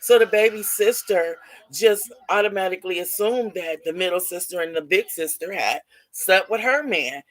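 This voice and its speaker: A woman's voice: lowish voice, normal speed, low-quality recording. Woman telling a rambling story. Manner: rambling, repeats and self-corrects. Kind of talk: casual spoken storytelling.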